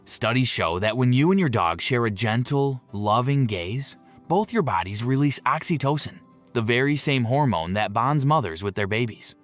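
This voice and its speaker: A man narrates a script in an even, mid-pitched voice. His delivery is slow and emotive, with dramatic pauses between phrases. Faint music plays underneath. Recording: soft music beneath the voice.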